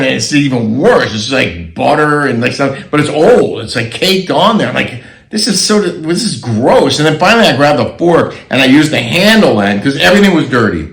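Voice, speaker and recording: A middle-aged man co-hosting a casual chat show, telling a story in a relaxed, chuckling way. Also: fairly high pitch, reverberant, rough recording. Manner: relaxed anecdotal storyteller, chuckles between lines. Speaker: co-host.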